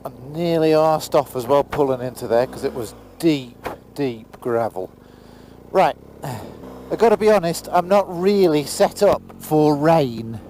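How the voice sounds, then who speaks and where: In pouring rain, a motorcycle vlogger from Britain rides outdoors and talks casually into his helmet camera, exclaiming and swearing from time to time. His voice is a little high and dark-toned, animated but unhurried, with slight background noise behind this casual vlog commentary.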